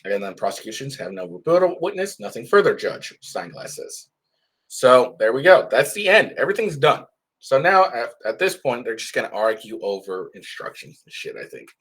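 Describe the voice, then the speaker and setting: A man's voice: medium pitch, sing-song, fairly quick, a bit bright, breathy edge. A man with a stuffy nose giving casual, rambling commentary on live updates, full of restarts.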